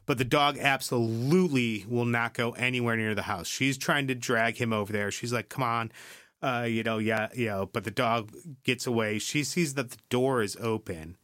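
A man's voice: mid-range voice, normal speed, few pauses, fairly bright tone, dry recording. Casual man retelling, dry close sound. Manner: loose storytelling with tag questions and cursing; skips ahead with "yada, yada". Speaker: podcast host. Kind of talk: casual chat, episode recap.

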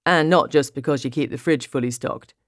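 A woman reading an audiobook, voicing a playful, affectionate young man who teases his girlfriend in an unhurried way. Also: a bass voice, dry recording, clean studio sound. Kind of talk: audiobook character voice.

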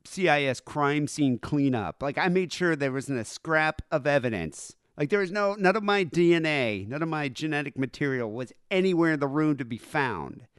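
An American man co-hosting a crude comedy podcast, joking and animated, dropping "like" often. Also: on the high side, normal speed, few pauses, clean tone, no room sound, clean studio sound. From United States. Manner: animated, jokey, says "like" often. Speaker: podcast co-host.

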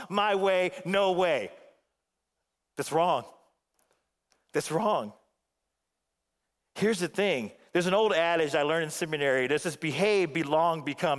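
Man, pastor, animated sermon, high voice, long church reverb. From Phoenix area. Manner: animated preaching with wide swings between emphatic and hushed.

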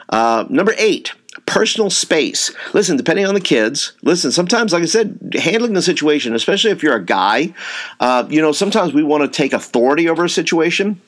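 A man's voice: on the high side, animated, quick pace. A man giving an informal training talk to youth workers, rambling, with frequent fillers and repeated words. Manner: says he tends to raise his voice.

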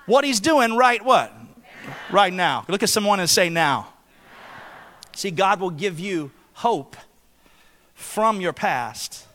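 A man, preaching a sermon in a church. He swings between loud, impassioned exhortation and hushed storytelling. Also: high-pitched, long reverb tail. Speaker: pastor.

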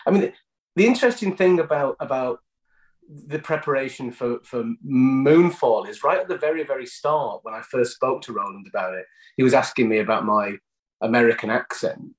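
A British actor with a medium-pitched voice talks through his acting process in an easy, conversational interview. Thoughtful, he circles his points with false starts, stumbling restarts, and repeated words. The recording is roomy, with a clear echo.

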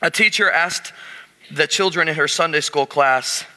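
Male pastor, fairly high ringing voice, emphatic sermon in a reverberant church. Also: moderate pace, sharp tone. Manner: jokey, emphatic preaching with a congregation. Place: church sanctuary.

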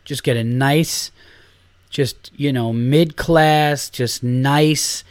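A man, hosting a solo podcast and ranting, animated and profane, getting loud and high when worked up. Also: extremely slow, dry recording, clean studio sound. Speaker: podcast host.

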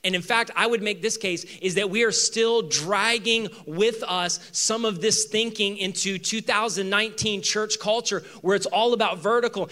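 A man preaching a sermon to his church, animated, acting out voices in the story and moving between loud emphasis and quiet asides. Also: high voice, moderate pace, few pauses. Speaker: pastor. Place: church with two campuses.

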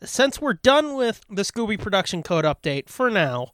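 A man's voice: high voice, very animated, normal speed, fairly bright tone, no room sound, studio quality. A man hosting a podcast, telling stories in a profane, laughing casual chat. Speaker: podcast host.

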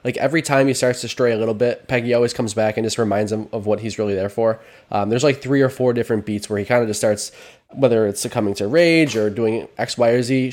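Fast-talking male co-host. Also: fairly low pitch, darkish tone. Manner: quick, loose and chatty. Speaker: podcast co-host. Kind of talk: casual movie discussion.

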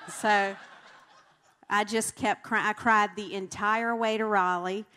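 A woman's voice: mid-range voice, steady tone, takes it slowly, pushed and bright, a little hiss or hum. A woman from North Carolina giving a candid, earnest personal testimony at a marriage conference, talking with many fillers.

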